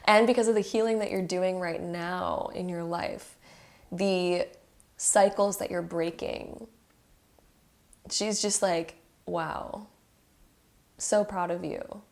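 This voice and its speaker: A woman's voice: fairly low pitch, fairly even intonation, takes it slowly, pauses often. A woman talks her viewers through a tarot card reading. She is earnest and openly emotional. Her delivery is chatty and loose, full of "like" fillers. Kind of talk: intuitive pick-a-card reading to camera.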